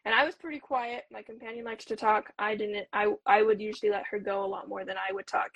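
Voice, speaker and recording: Young woman telling a mission story, earnest, lots of "like"s, mid-pitched, dry close sound. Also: fairly even intonation, fast talker, no echo, low-quality recording. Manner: earnest, talks with frequent "like" fillers. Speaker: interview guest, returned missionary. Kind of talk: personal storytelling.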